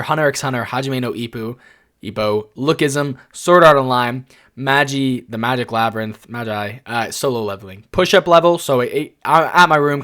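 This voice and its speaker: A young adult man giving casual tier-list commentary, telling rambling, excitable stories padded with lots of "like". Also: mid-range voice. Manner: excitable, rambling storyteller full of "like". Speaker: anime YouTuber.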